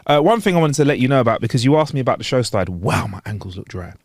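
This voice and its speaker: Fast, lively man chatting. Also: medium pitch, vocal fry, no echo. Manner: animated, jokey, slangy. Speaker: podcast co-host. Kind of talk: casual chat. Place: studio.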